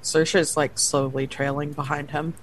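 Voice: mid-range voice, level tone, normal speed, slight background noise. Casual tabletop player. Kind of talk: tabletop role-play.

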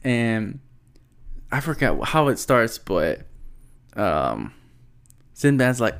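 A man's voice: medium pitch, very animated, slow pace, pauses often, a bit bright. A man talking casually to the camera, rambling through a story with lots of restarts and filler words. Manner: rambling, loose, full of "like" and restarts.

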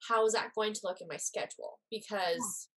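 A woman's voice: medium pitch, steady tone, fairly quick, fairly bright tone. A woman guest on a podcast, candidly telling a personal story and acting out quoted dialogue.

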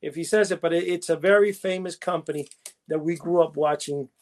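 A man's voice: fairly high pitch, brisk. A man co-hosting a casual chat show, rambling through his stories with restarts and laughing at his own jokes. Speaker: podcast co-host.

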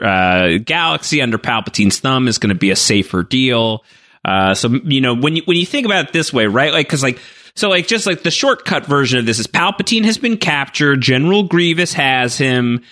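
A podcast co-host with a medium-pitched, pushed, bright male voice chats casually. He talks enthusiastically and rambles, using many fillers.

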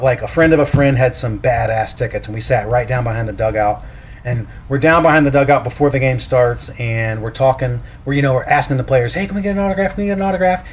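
A man co-hosting a casual podcast, telling a childhood anecdote in a lively way. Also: mid-range voice, slight background noise. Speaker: podcast co-host.

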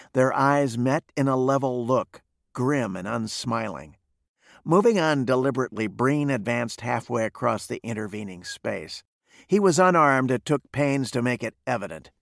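Gravelly man reading a western. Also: mid-range voice, no room sound, clean studio sound. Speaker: narrator. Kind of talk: reading a western novel aloud.

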